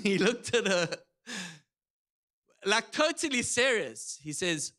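Male pastor, high bright voice, lively sermon delivery with shouted quotes. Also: takes it slowly, pauses often. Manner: animated storytelling, shouts quoted lines. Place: church.

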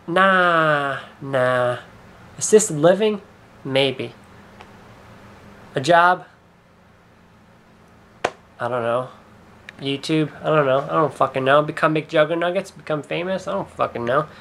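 A man's voice: on the high side, takes it slowly, vocal fry, long pauses, fairly bright tone. A young man talking through a rambling vlog monologue, hesitant and swearing often, trailing off and restarting his sentences. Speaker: YouTuber.

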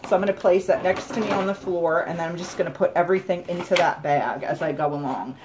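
A woman's voice: lowish voice, fast, noisy background. A woman vlogger chatting casually at home as she unboxes a parcel of gifts, gushing and repeating herself. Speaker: craft vlogger.

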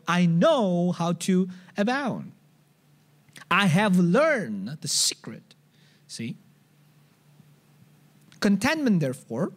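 A man with an Indonesian accent delivers a church sermon in an animated, chatty way. His voice sits high for a man, and he often restarts phrases and acts out little scenes to make his point. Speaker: pastor. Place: church service.

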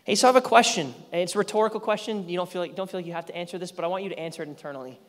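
A man in his thirties preaching a sermon as pastor, animated and self-deprecating, acting out what people say. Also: high-pitched, rapid-fire, in a large hall. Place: church sanctuary.

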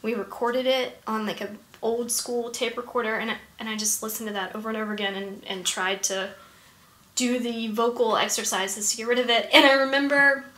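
Young woman guest from Georgia, high bright voice, giggly and self-mocking, roomy echoey recording. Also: steady tone, fairly quick. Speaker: guest actress. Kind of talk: casual interview chat.

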